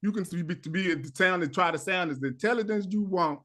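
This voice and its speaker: A man's voice: sits high, quick pace, fairly bright tone. A man co-hosting a podcast who argues emphatically in a heated casual debate, often restarting his sentences. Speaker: podcast co-host.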